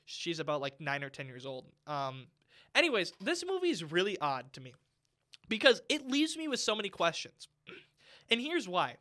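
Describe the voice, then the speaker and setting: Rambling high-voiced man reviewing a film. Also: wildly swooping pitch, normal speed, sharp tone. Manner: rambling and emphatic, leans on "like". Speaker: podcast co-host. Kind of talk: casual movie review rant. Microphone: studio microphone.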